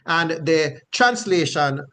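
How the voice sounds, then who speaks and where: A man's voice: fairly high pitch, animated, slow, pushed and bright. A man teaching the Bible verse by verse, explaining patiently, often checking in with "right?" and spelling out Hebrew words letter by letter.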